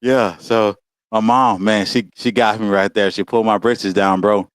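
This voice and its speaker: Low dry-sounding guy telling school stories, laughs a lot, super casual. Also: steady tone, moderate pace, smooth, no echo. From Walterboro, South Carolina. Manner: laughs often, says "you know what I'm saying". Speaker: guest. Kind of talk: casual storytelling. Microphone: video call.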